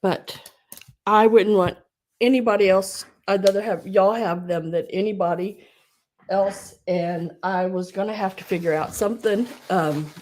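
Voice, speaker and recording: A woman hosting an online live sale, tearful and crying, talking haltingly and often dropping to a whisper. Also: medium pitch, darkish tone. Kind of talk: emotional live-stream chat.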